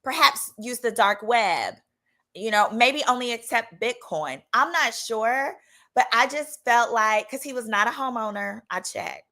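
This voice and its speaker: Sassy, bright-voiced woman telling a story. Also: on the high side, unhurried. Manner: animated, sassy, jumps into voices for quoted people. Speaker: host, attorney. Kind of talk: casual storytelling.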